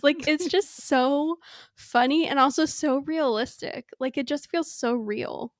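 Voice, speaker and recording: Bright-toned young woman retelling scenes. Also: high-pitched, a little slow, no echo, studio quality. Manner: enthusiastic, animated retelling. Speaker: podcast co-host. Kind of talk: casual chat.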